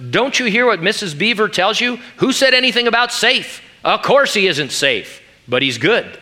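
A man's voice: sits high, very animated, normal speed, pushed and bright, pitched above the performer's own voice, full character voice. A man reading aloud as an emphatic, blunt male beaver from a storybook.

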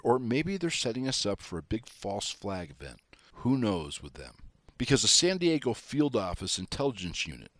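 A man hosting opinionated news commentary, sarcastic and animated, talking straight to his listeners. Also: fairly low pitch, no room sound. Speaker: political commentary host.

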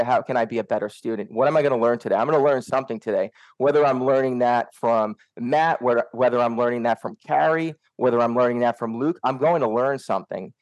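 A man's voice: mid-range voice, darkish tone, no room sound. Earnest man coaching on workplace attitude. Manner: earnest, coaching, with many rhetorical "right?". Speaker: SEO team lead. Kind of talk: workplace talk.

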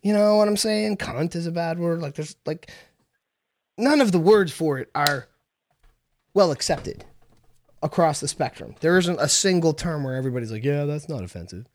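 A man's voice: a little high, animated, moderate pace, slight background noise. A man from Canada co-hosting a podcast, rambling through crude, joking casual banter. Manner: joking, rambling, breaks into mock French. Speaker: podcast co-host.

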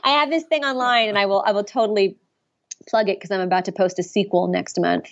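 A woman impressionist being interviewed over the phone, talking in animated, chatty bursts and correcting herself as she goes. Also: mid-range voice, fast, highs cut off. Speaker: impressionist guest. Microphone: phone line.

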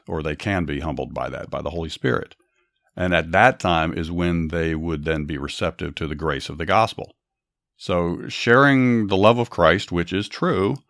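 Deep-voiced man narrating Bible stories. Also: no room sound, studio quality. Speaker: podcast host and Bible storyteller. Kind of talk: scripted Bible story narration and commentary.

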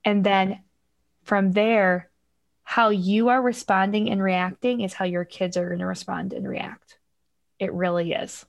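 This middle-aged woman talks things through as a podcast guest, reflective and earnest. She sits at a middle pitch for a woman and acts out everyday examples as she goes. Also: unhurried, creaky, highs cut off. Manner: reflective, explains with lively acted-out examples. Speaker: guest expert on parenting emotions. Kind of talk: casual podcast conversation.

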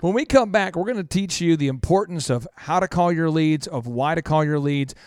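A man with a high, bright voice tells stories on a business talk show, lively and animated as he mimics the people in them. The studio sound is close and dry, with no room around it. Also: brisk, smooth, no echo. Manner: animated storyteller, acts out quoted people. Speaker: business podcast host. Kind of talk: energetic talk show banter.

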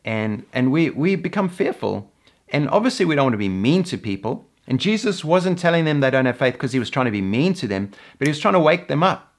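A man's voice: a little high, sing-song, brisk. A man teaching from the Bible in an earnest sermon, often repeating words as he presses a point. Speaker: preacher.

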